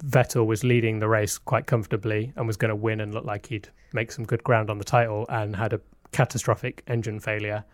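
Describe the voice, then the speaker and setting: A man's voice: lowish voice, flat delivery, a little fast, hardly any pauses, no echo, studio quality. A man co-hosting a casual podcast chat, explaining details at length with a self-mocking streak. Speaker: podcast co-host.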